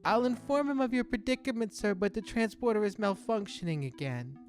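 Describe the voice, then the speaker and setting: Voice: mid-range voice, brisk, faint music behind, pitched above the performer's own voice, natural voice. A streamer voicing a brassy female ship officer with an exaggerated New Jersey accent, delivering reports bluntly.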